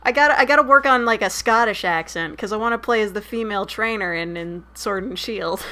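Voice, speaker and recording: Bright-voiced woman streamer. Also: mid-range voice, fairly quick. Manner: chatty, swears freely, reads game text aloud between asides. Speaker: streamer playing a dating sim. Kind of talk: casual gameplay commentary.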